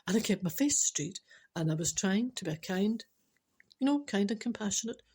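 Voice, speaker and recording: A middle-aged Scottish woman tells a funny everyday anecdote, her voice sitting at an ordinary middle pitch. She talks in an animated, exclamatory way and jumps into little acted-out quotes. It comes across as warm-hearted spiritual storytelling. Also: normal speed, pauses often, husky. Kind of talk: humorous anecdote told to a listener.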